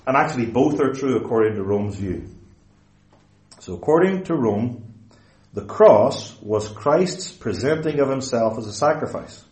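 A man preaching a theological lecture-sermon, emphatic and deliberate, stretching key words and correcting himself as he explains. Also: mid-range voice, animated, darkish tone. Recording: roomy echoey hall.

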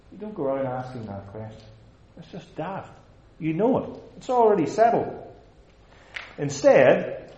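A man's voice: a little high, a little mellow. A man preaching a sermon as pastor, emphatic, building his points with rhetorical repetition. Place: church sanctuary. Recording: roomy, dull lo-fi recording.

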